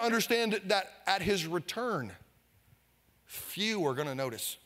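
A male pastor preaching an energetic sermon, leading the congregation in call-and-response. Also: high-pitched, unhurried, long reverb tail. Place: church sanctuary.

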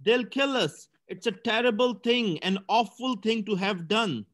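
A man's voice: sits high, a little slow, a bit bright, voice pushed up. A man reading a story aloud gives voice to a panicked young man who sobs and pleads over what he has done. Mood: distraught. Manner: wailing, tearful pleading.

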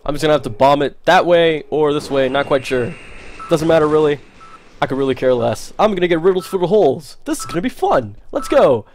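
A man's voice: fairly high pitch, animated, brisk, darkish tone, a little hiss or hum. A man streaming a first-person shooter, joking and talking back to the characters on screen. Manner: jokey, talks to the game characters. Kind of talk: live gameplay commentary.

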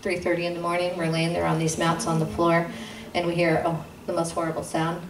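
Her delivery completely flat and brisk, a woman with a lowish voice recounts her testimony as a guest speaker at a close-knit church gathering. She is earnest and re-creates dialogue with sudden pitch jumps. Captured by a distant mic, the audio is roomy with a little noise.

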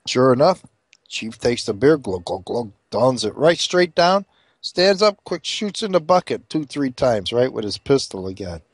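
A man telling a long rambling joke, animated, with frequent asides like checking the listener follows. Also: mid-range voice, a little slow, breathy edge, no room sound. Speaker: joke teller.

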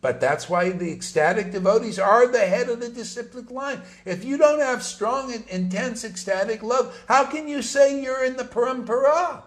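A man's voice: very high-pitched, normal speed, hardly any pauses. A man giving an informal, emphatic sermon to his followers, talking conversationally with slangy asides. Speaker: spiritual teacher.

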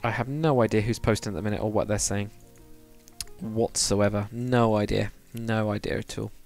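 A man's voice: lowish voice, fairly even intonation, normal speed, gravelly, darkish tone, faint music behind. A man chatting casually and rambling to viewers on a live stream, with many fillers. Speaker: live streamer, game builder.

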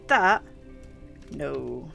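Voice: mid-range voice, animated, extremely slow, creaky, sharp tone, soft background music. A gamer with a London accent and a slight lisp, commenting on a horror game in a chatty, jumpy way, swearing often. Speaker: gaming video host. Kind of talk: let's play commentary.

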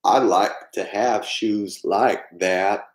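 A man doing an impression of a slow, earnest, simple-hearted man. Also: fairly low pitch, steady tone, voice pushed down. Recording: echoey room.

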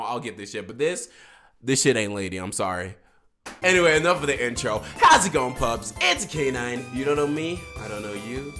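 Brief: swearing, excitable male reviewer, very lively pitch, faint music behind. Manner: profane, excitable, swinging from loud outbursts to mutters. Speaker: movie reviewer, channel host. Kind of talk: casual video review.

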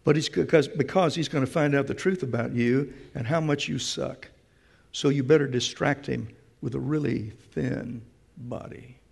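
A man's voice: medium pitch, normal speed, vocal fry, a little mellow, husky. A man preaching a sermon, emphatic and speaking straight to the congregation in a church. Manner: emphatic, addresses the congregation directly. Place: church sanctuary. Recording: long reverb of a church hall.

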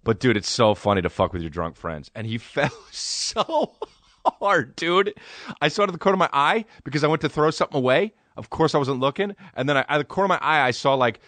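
Man, podcast host, comedic storytelling, rambling, profane, laid-back, mid-pitched voice, dry close sound. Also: sing-song, rapid-fire, few pauses, fairly bright tone, dry recording.

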